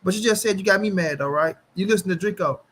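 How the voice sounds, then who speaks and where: A man hosting a boxing channel, ranting casually to the camera with profanity and mocking, repetitive jeers, swinging between loud bursts and mutters. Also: high voice, slightly rough. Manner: animated, shifting quickly between loud and muttered. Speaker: boxing commentary channel host.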